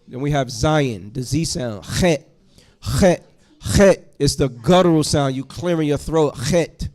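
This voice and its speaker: Slow, patient male Hebrew teacher. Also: on the high side. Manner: slow, patient letter-by-letter explanation. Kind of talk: classroom teaching. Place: classroom with students.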